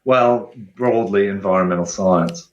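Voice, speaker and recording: A man, a guest ecologist explaining his work in relaxed interview talk, often restarting phrases. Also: lowish voice, measured pace, echoey room, highs cut off. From Australia.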